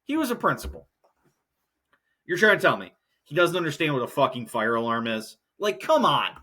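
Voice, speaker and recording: A man's voice: a little high, sing-song, moderate pace, bright, forceful tone, breathy edge. A young man hosting a solo podcast, ranting in a heated, profane, rambling way. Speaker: podcast host.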